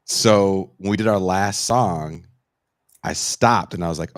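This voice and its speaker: A man's voice: low voice, unhurried, dry recording, clean studio sound. A man from the US West Coast telling a casual podcast anecdote, acting out quotes and swearing freely.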